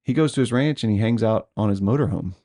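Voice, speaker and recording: A man with a lowish, mellow voice talks fast as he co-hosts a podcast. His chat is casual, full of ums, hedging and laughter.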